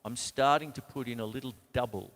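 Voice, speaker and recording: A man's voice: medium pitch, a little fast. A man with an Australian accent teaching drums in a live online lesson, counting beats aloud as he plays. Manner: casual, counts beats aloud while playing. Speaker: drum teacher. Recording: reverberant room with loud drums.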